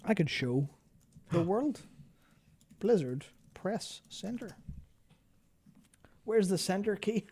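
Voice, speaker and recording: A man's voice: sits high, lively intonation, slow pace, pauses often, warm tone, slightly rough. A tired man, co-hosting a casual live stream, rambling and swearing as he looks for things. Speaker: co-host.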